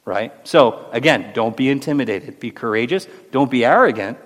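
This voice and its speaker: A man's voice: medium pitch, animated, normal speed. Earnest preacherly man in a reverberant room. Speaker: host. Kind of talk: faith discussion on a Christian podcast. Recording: roomy with long reverb.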